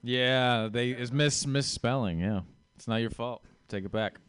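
A man's voice: medium pitch, unhurried, a bit bright, clear, resonant tone, no room sound. A man telling wry stand-up stories in a dry, conversational way. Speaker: stand-up comedian. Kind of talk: stand-up storytelling.

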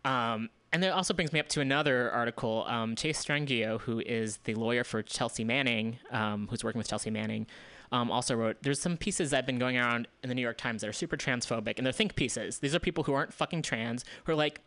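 A man's voice: medium pitch, brisk, a bit bright, no echo. A man hosting a community radio show, running through news items in a loose, casual way, with asides and restarts. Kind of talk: casual news roundup and commentary.

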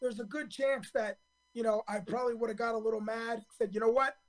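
A hoarse man in his fifties, a stand-up comedian telling his story in a radio interview, earnest and full of ums and restarts. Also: very high voice, fairly even intonation, fairly quick, low-quality recording.

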